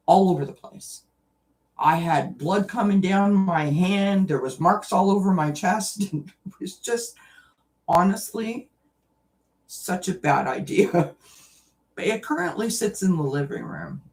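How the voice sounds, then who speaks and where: Woman, live stream host, casual chat, animated storytelling, frequent laughs, distant mic. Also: deep voice, normal speed. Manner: chatty, laughs often, animated retelling.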